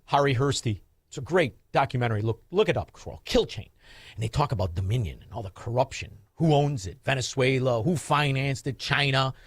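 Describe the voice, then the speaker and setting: A man's voice: mid-range voice, expressive, fairly quick, slightly rough, dry recording, clean studio sound. A man hosting a radio talk show, ranting in a combative, sarcastic way.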